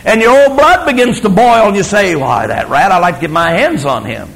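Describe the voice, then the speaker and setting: A male preacher with a high, gravelly voice that leaps all over the scale. He tells stories emphatically, swinging from loud declarations to hushed asides. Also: lively intonation, fairly quick, poor audio. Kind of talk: sermon.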